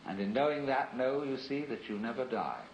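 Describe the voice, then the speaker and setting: A man giving a philosophical lecture in a measured, reflective and rhetorical way. The recording is an archival lecture tape. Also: mid-range voice, animated, echoey room, lo-fi sound, a little hiss or hum.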